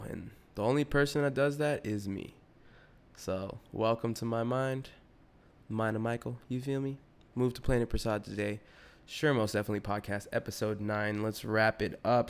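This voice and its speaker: A young adult man hosting a podcast solo, rambling in a slangy, profane, casual way. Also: on the low side. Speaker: podcast host.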